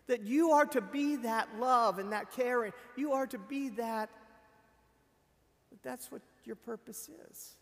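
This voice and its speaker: A middle-aged man, a pastor preaching at a memorial service, telling a story with animated swings from loud emphasis to quiet. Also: very high voice. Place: church sanctuary. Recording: long reverb of a church hall.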